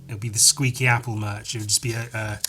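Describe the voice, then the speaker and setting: A man's voice: on the low side, level tone, a little fast, sharp tone, a little hiss or hum. A man hosting a solo comedy podcast, telling a rambling story that keeps correcting itself, with crude asides. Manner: meandering, self-correcting, crude jokes. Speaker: podcast host.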